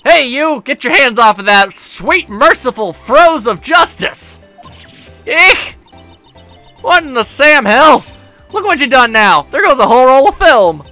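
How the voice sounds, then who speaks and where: A man voicing a loud, brash Southern woman photographer with an exaggerated drawl and a scolding manner. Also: very high-pitched, sing-song, unhurried, soft background music, pitched above the performer's own voice, exaggerated voice.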